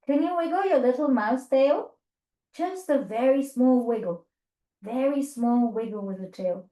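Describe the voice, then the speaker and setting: In a high, mellow voice at a measured pace, a woman leads a toddler yoga class in an echoey studio. She praises the children and guides them through a playful animal story.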